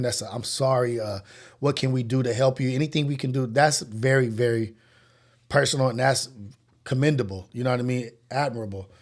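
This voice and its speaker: Man musing aloud in casual slang. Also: medium pitch. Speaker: podcast host. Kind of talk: casual livestream commentary.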